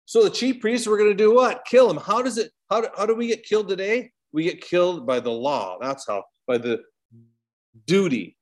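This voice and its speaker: High-voiced Canadian man teaching Bible study. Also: expressive, moderate pace. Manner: conversational, rhetorical questions, side tangents.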